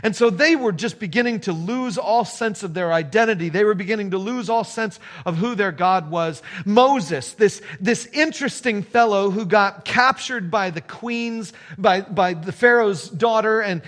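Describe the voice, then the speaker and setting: A pastor preaches a sermon through storytelling, repeating phrases and building emphasis as he goes. His high-pitched, fairly bright voice moves at a normal speed with hardly any pauses.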